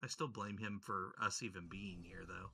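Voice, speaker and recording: A man's voice: deep voice, fairly even intonation, normal speed, bright, forceful tone, husky, no echo. A man co-hosting a livestream, joking and teasing his friend while they play a game. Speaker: co-host and gamer. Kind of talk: casual livestream gaming chat.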